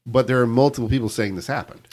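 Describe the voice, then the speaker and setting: A man hosting a podcast, reading a news account aloud to his co-hosts in a measured storytelling way. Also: mid-range voice, a little mellow. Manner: measured storytelling with quoted reports. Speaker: podcast host telling the story.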